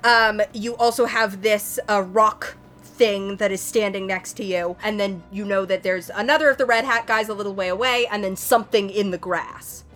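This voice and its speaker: A young woman running a tabletop game as game master, relaxed and full of ums as she describes the scene. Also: mid-range voice, normal speed, faint music behind.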